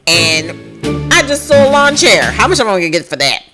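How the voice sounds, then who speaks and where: A woman's voice: mid-range voice, animated, fast, bright, forceful tone, faint music behind, voice pushed up. A woman voicing a sullen young gang enforcer. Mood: defiant. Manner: defiant and sarcastic.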